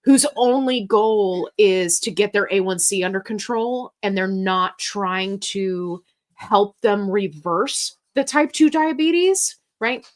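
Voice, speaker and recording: A woman with a medium-pitched voice speaks slowly while hosting a casual live stream. Upbeat and talkative, she chats, reads viewer comments aloud, and answers their questions.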